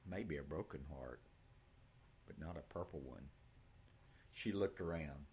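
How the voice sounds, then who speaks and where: A man reading an audiobook in slow, measured scripted narration. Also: rumbling low, a little mellow, breathy edge.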